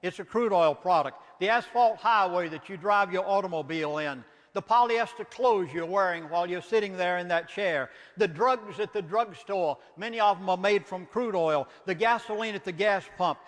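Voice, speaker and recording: A man's voice: high-pitched, moderate pace, hardly any pauses, a bit bright, long reverb tail. A man with a Southern US accent, a minister giving an impassioned lecture in an emphatic, preacherly manner, full of rhetorical questions.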